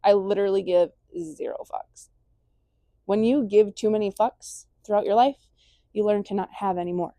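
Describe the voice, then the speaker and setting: A young woman speaking straight to camera in a casual rant, blunt and emphatic and swearing freely. Her voice is mellow and relaxed, recorded dry and close with no room sound. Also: medium pitch, moderate pace, dry recording. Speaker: vlogger.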